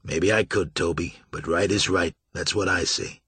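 A man putting on a stubborn riverboat captain with a husky, low voice, pushing hard on his rough folksy words. He sounds loud and forceful in a storybook reading, and the recording is dry and close. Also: normal speed, dry recording, full character voice. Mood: earnest. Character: gruff stubborn male riverboat captain, middle-aged.

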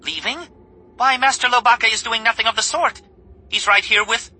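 A man voicing a fussy, excitable little male droid in a prim, shrill chatter for an audiobook, with music underneath. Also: normal speed, full character voice. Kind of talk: audiobook character voice.

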